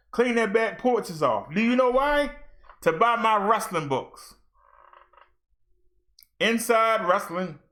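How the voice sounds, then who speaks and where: A middle-aged man hosting a wrestling review show, ranting in a blunt, animated, trash-talking way. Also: high-pitched.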